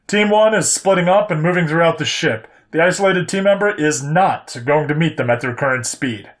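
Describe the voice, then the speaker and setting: A calm female starship computer delivers clipped, precise status reports, as a man puts her on in a raised voice for an audio story. Every line is even and matter-of-fact. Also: fairly high pitch, brisk, pitched above the performer's own voice, natural voice. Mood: clinical. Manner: flat, precise announcements.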